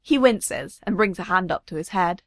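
A woman narrating a story in a gentle, expressive way. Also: fairly low pitch, normal speed, dry recording, clean studio sound. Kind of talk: storybook reading.

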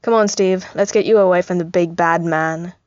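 A woman's voice: fairly low pitch, fairly even intonation, moderate pace, a little mellow, dry recording, muffled recording, natural voice. A woman reading a story aloud, voicing a dry, affectionate young soldier who looks after a baby. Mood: fond.

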